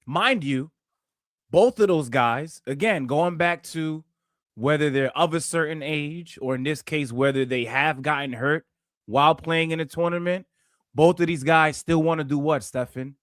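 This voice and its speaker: A man's voice: a little high, a little slow, fairly bright tone, dry recording, studio quality. A man co-hosting a casual sports podcast, chatty, asking questions and laughing often. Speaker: podcast co-host.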